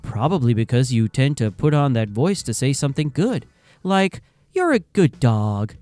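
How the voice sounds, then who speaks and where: A man's voice: a little high, darkish tone, no echo. A man giving scripted narration for a video channel, with wry, conversational asides.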